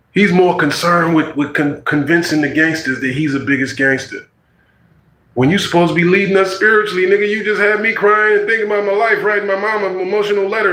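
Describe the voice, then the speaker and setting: Man in his 40s telling a story, animated and slangy, bright voice, echoey room. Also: high voice, slight background noise. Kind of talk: casual personal storytelling.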